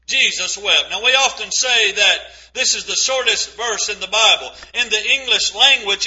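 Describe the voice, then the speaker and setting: A man preaching a sermon, reading scripture aloud and stressing key phrases slowly and earnestly. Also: extremely high pitch, bright, forceful tone. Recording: dull lo-fi recording.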